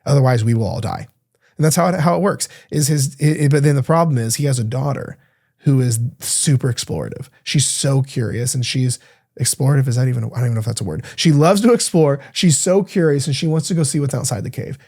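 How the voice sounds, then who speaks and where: Male podcast coach, blunt and emphatic, casual monologue, mellow warm tone, mid-pitched. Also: quick pace, gravelly. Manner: blunt, emphatic, swears freely. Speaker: podcast host and diet coach.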